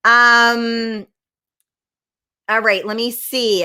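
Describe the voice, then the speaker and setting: Brash new lady hosting a live chat, swears a lot, bright sharp voice, kinda high. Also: moderate pace. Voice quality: brash, blunt, swears freely. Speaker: talk show host. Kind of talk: casual live-stream chat reading viewer comments.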